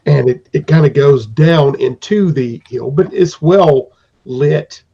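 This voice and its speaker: A man's voice: fairly high pitch, slow, warm tone, slightly rough. A man acting as game master, narrating a tabletop game in a rambling, descriptive way on a dull lo-fi recording.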